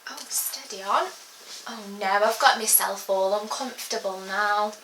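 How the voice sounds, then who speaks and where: A young woman chatting casually through a haul video, rambling and filling pauses as she goes. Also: medium pitch, very noisy. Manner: chatty and rambling, full of giggles and fillers. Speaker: beauty vlogger. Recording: echoey room.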